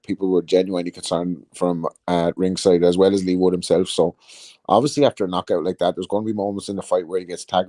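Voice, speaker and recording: A man with a lowish, mellow voice co-hosts a boxing podcast, chatting casually and swearing freely. The sound is dry and close, with no room around it. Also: dry recording. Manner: sweary, animated, laughs often. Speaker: podcast co-host.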